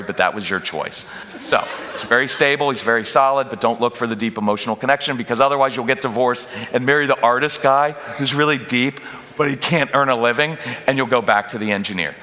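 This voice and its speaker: A man speaks to a room of parents in a bright, forceful voice, joking his way through a workshop talk. He keeps switching into quick mock voices of nagging parents and sulky kids. His voice rings out with a long reverb in a large church hall. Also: medium pitch. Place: church auditorium.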